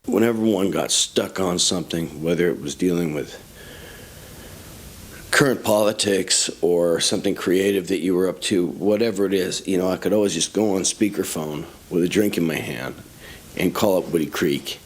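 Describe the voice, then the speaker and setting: A man speaking thoughtfully in an interview, pausing to search for words. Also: low voice, slight background noise. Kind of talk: reflective interview.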